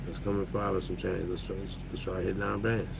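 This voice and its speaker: A man's voice: low-pitched, flat delivery, fast talker, gravelly, background noise. A man who drives trucks, telling stories in loose casual chat, joking and laughing as he talks. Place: truck cab.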